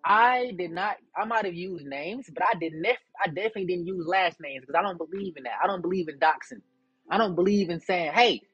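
Profane, defiant young man, husky voice. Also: sits high, fairly bright tone, no room sound, muffled recording. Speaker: podcast host. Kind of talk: casual rant to listeners.

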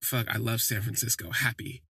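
A man's voice: mid-range voice, fairly even intonation, normal speed, vocal fry, pushed and bright, breathy edge, no room sound, studio quality, full character voice. A man voicing a guarded, understated charmer. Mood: quiet. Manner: brief, understated replies.

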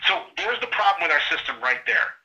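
A middle-aged man telling his own story of his trial in an animated, indignant way, acting out what guards and judges said. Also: a little high, fairly quick, highs cut off. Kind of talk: passionate conversational account.

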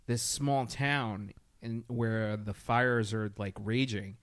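A man's voice: on the low side, steady tone, slow pace, no room sound, clean studio sound. A man co-hosting a casual podcast chat, telling stories loosely with plenty of swearing and fillers. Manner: profane, loose storytelling with many fillers. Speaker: podcast co-host.

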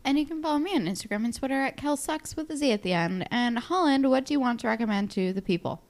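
A young woman co-hosting a podcast in casual chat, quick and laughing. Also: on the high side, expressive. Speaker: podcast co-host.

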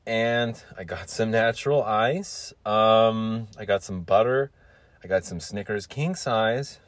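A man's voice: lowish voice, takes it slowly, no room sound. A young man hosting his own solo podcast, rambling through a grocery story and teasing himself as he goes. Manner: joking, self-teasing, meandering. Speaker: podcast host.

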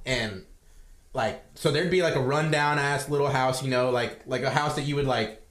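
A man's voice: medium pitch, normal speed, crowd noise. A young man co-hosting a casual podcast chat, rambling in a laid-back way and trailing off mid-thought. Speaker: podcast co-host. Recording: roomy echo.

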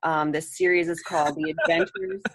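A woman's voice: deep voice, little pitch movement, normal speed, a bit bright. A woman in her thirties chatting as an interview guest, rambling with lots of "like" and "um" and a wry sense of humor. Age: 30s. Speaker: interview guest, trading contestant. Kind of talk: casual interview chat.

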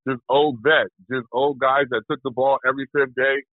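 A retired pitcher in his forties, a man talking candidly and loosely in a casual interview, with lots of fillers. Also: moderate pace, no echo. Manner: relaxed, candid, rambling with fillers. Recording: tinny phone-like line.

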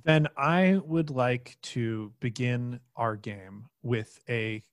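A man narrating a tabletop game as its game master. He talks slowly and drifts along with lots of fillers. The sound is dry and close. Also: medium pitch, no room sound. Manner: relaxed, rambling with many fillers.

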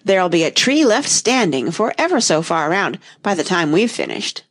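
Lady putting on a squeaky boastful storybook twin, jumpy and loud, kinda husky. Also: very animated, normal speed. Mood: excited. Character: excitable boastful boy twin Tweedledum.

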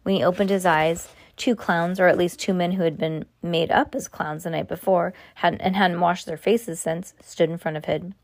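Woman slowly reading a storybook aloud. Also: on the low side, no echo. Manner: slow, expressive, with small restarts. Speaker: reader. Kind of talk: reading a chapter book aloud.

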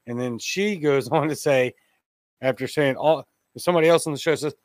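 A man's voice: medium pitch, a little fast, dry recording. A man hosting a live podcast, giving blunt, indignant commentary on a TV clip and talking straight to his listeners. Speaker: podcast host.

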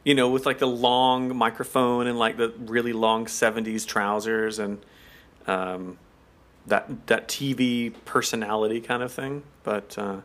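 A man's voice: medium pitch, steady tone, measured pace, a bit bright. Chatty man, laughing co-host. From United States. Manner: chatty, laughs often, many fillers. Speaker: podcast co-host. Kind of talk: casual chat.

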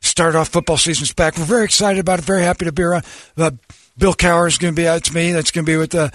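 A man doing an impression of a middle-aged football TV analyst who talks haltingly with many filler sounds. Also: a little high, fairly even intonation, a bit bright, no room sound, studio quality. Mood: earnest. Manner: halting, full of uhs, earnest self-praise.

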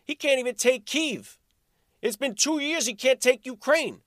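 A man hosting his own political podcast, talking in a high, animated voice that leans hard on sarcasm and rhetorical questions. The sound is close and dry, with no room around it. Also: moderate pace, no room sound. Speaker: podcast host. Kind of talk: political commentary monologue.

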